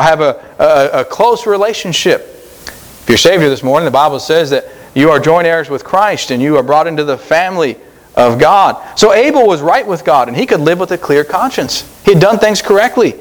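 A man preaching an earnest sermon at a church service, rising for emphasis and repeating his phrases. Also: fairly high pitch. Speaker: pastor.

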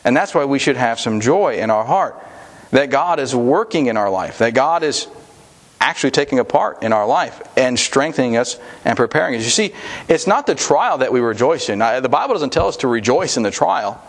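A man delivering a sermon to his congregation, talking through his points in a plain, conversational way. He speaks at a middle pitch and stops now and then to restart a phrase or add an aside. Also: expressive, a little fast. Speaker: pastor.

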